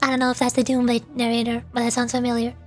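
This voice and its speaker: Giggly young streamer girl, high voice, joking about herself. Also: monotone, fast, faint music behind. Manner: giggly, self-deprecating. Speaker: streamer doing voice acting. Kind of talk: casual chat.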